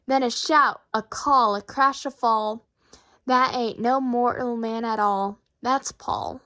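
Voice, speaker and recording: A woman with a high voice reads children's poems aloud. She keeps a bouncy rhythm and gives each line playful, expressive emphasis. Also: slow, rough recording. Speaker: reader.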